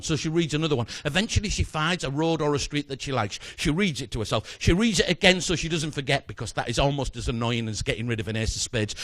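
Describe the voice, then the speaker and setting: Quick-talking stage magician. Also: male voice, mid-range voice, a bit bright, no echo. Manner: jokey, chatty patter with an audience volunteer. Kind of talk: stage magic performance with patter. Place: stage in front of a live audience.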